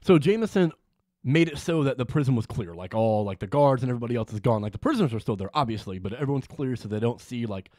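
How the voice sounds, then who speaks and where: A man hosting a laid-back podcast, recorded close and dry with no room sound. His voice sits at an ordinary middle pitch, and he swears freely and laughs often as he retells scenes with energy. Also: animated, fast talker, darkish tone, no echo. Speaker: podcast host. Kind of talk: casual chat.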